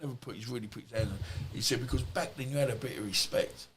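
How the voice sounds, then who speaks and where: A man's voice: medium pitch, quick pace. A middle-aged man settles into a podcast chat and tells his stories in a loose, rambling way. His talk is blunt and full of everyday slang, with a mid-range voice and a faint hum of room noise behind him. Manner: rambling, anecdotal, blunt and colloquial. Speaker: podcast guest. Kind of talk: storytelling in conversation.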